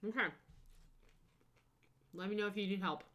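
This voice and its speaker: A woman's voice: mid-range voice, moderate pace. Bubbly young woman gushing over photos. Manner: bubbly, gushing, squeals with excitement. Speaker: streamer. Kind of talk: casual chat over travel photos.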